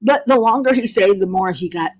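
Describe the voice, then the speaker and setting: A woman hosts her own channel, chatting casually with viewers and laughing often and playfully. Her voice is medium-pitched and brisk.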